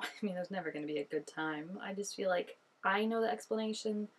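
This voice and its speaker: Chatty and gushing, a young reaction video host comments casually, laughing a lot and leaning on "like." She speaks at a moderate pace in a lowish, slightly rough voice with fairly even intonation.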